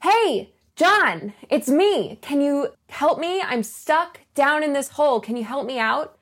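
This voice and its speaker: A woman's voice: high voice, animated, slow, pitched above the performer's own voice, full character voice. A woman doing a desperate man pleading from a hole. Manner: pleading, calling up loudly.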